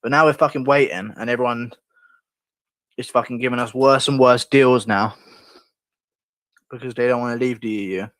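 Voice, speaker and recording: A man's voice: medium pitch, steady tone, moderate pace, pauses often, fairly bright tone, dry recording. A man from the United Kingdom streaming and chatting casually with viewers, rambling and crude.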